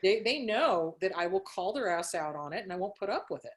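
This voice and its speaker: A woman's voice: mid-range voice, lively intonation, a little fast. A middle-aged woman therapist, a guest on a podcast, talking frankly and animatedly, swearing freely and laughing often. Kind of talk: candid interview chat.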